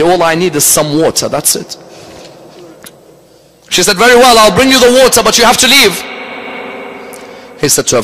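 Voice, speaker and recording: A man giving a Muharram majlis sermon, telling the story step by step and building to an impassioned, near-shouting recital. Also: fairly high pitch, creaky, poor audio. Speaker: Islamic lecturer.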